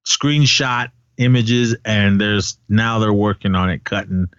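A man's voice: on the low side, measured pace, fairly bright tone, clean tone, dry recording. A man in his forties co-hosting a casual fan chat, enthusiastic and rambling with many fillers. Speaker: podcast co-host. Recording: dull dry sound.

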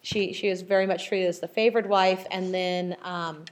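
A woman leading a casual group Bible study, retelling stories lively and acting out the voices of the people in them. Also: on the low side, normal speed. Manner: animated storyteller, acts out quoted voices.

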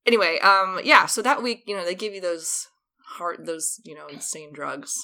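Chatty young woman, bright voice. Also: lowish voice, normal speed. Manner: rambling anecdote full of fillers, acts out quotes. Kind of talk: casual chat.

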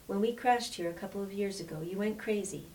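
A woman's voice: medium pitch, brisk, a little mellow, natural voice. A woman reading as a blunt, disbelieving man. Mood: teasing. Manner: blunt, incredulous. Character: blunt, disbelieving male islander friend. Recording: distant mic with faint hiss.

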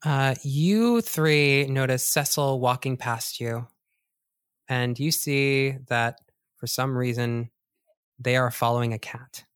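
A woman running a tabletop game as game master, narrating in a relaxed, teasing way. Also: very deep voice, slow, clear, resonant tone.

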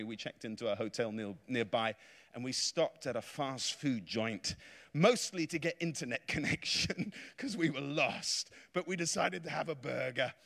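Male English preacher, high and very lively delivery, jokey revival storyteller, reverberant hall. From England. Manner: animated, jokey storytelling with calls of hallelujah and amen. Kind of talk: revival sermon. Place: large church hall.

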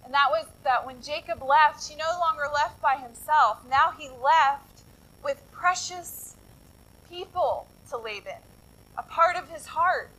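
Woman pastor, high and bright-toned, sermon, chatty storytelling with asides to the listeners. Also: a little slow, poor audio. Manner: conversational, lively retelling with asides to the congregation.

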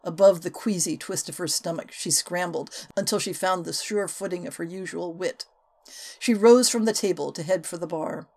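A woman reading a historical novel aloud as an audiobook narrator, with expressive, varied delivery. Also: fairly low pitch, normal speed. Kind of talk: scripted narration.

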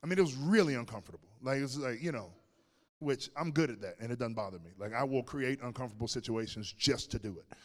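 Here the pastor talks fast at a medium pitch, his intonation lively. Long reverb from a large hall surrounds him as he shares a funny personal story and speaks straight to his congregation.

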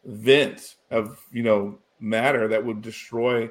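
A man in casual conversation, rambling through a story with plenty of fillers and restarts. His voice sits at an ordinary middle pitch, and he gets emotional as he goes. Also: fairly even intonation, slow pace. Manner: rambling, full of "you know" and restarts, emotional. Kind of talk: casual chat recapping a TV episode.

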